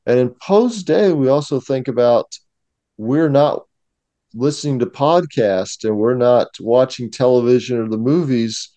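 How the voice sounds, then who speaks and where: A man's voice: mid-range voice, unhurried, no room sound. A man, a museum curator, talking casually and knowledgeably as a guest in a discussion. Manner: knowledgeable, explanatory, steady.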